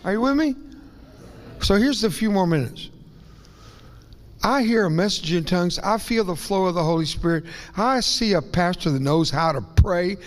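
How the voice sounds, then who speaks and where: A man's voice: high-pitched, expressive, normal speed. A man preaching as a guest in a Pentecostal church, folksy and rambling, with self-deprecating asides and a voice that rises and breaks into tearful whispers. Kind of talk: emotional Pentecostal sermon. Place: church sanctuary. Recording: long church reverb.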